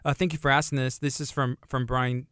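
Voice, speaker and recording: A man hosting a casual radio interview, relaxed and conversational, who reads out listener questions. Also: medium pitch, fairly quick, clean tone, no echo, studio quality. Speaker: radio host. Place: radio studio.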